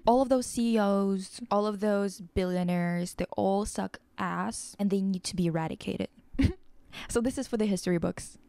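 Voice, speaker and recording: A woman's voice: medium pitch, moderate pace, vocal fry, mellow, dry recording. A young woman vlogger giving a blunt, profane, exasperated rant about pop culture. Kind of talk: casual ranting commentary.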